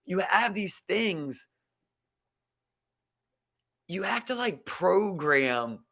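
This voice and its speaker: A man's voice: high voice, sing-song, drawn-out words, creaky, a bit bright. A young man co-hosting a podcast, telling a profane story in casual chat and leaning heavily on "like" and "bro.". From Maryland. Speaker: podcast co-host.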